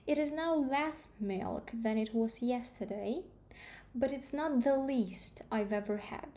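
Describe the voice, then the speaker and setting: Slow, mellow-voiced woman teaching English. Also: on the high side. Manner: slow, careful explaining with glosses in another language. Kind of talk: grammar lesson explanation.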